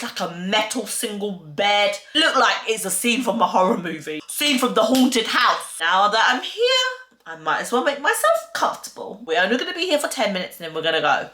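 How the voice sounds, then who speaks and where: Bright-voiced woman telling a story. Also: mid-range voice, roomy sound. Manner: animated, swears a lot, acts out her own thoughts. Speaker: vlogger. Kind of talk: storytelling to camera.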